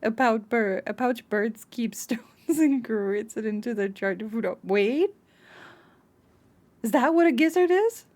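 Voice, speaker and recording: High, lively woman streamer shrieking at a game. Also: a little slow. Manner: shrieks and swears at the game, laughs often; chatty, reads and answers chat. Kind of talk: live gameplay commentary.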